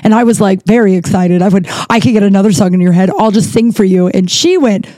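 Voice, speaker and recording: Young woman just chatting away, lots of likes and swearing, mellow voice, dry mic. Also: medium pitch, quick pace, no echo. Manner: chatty, rambling, profane, frequent "like" fillers. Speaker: podcast host. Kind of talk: casual storytelling.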